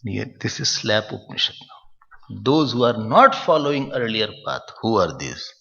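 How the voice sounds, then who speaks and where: A man giving a spiritual discourse, his voice gravelly and swinging widely in pitch. He talks in an animated way. The recording is muffled and carries a long hall echo. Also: moderate pace. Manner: animated, acts out quoted scoldings, chuckles at his own jokes. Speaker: swami, spiritual teacher.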